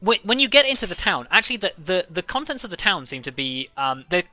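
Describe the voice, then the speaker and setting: A man narrates a tabletop session as the dungeon master, halting over his words with plenty of fillers. His voice is high and very bright. Faint music plays beneath him. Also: big pitch swings.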